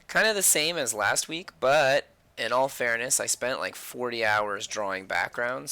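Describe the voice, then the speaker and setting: A man's voice: on the low side, gravelly, sharp tone, clear, resonant tone. A man chatting casually at home while he draws on a live stream, often muttering and whispering to himself as he sketches. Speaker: artist live-streaming his drawing.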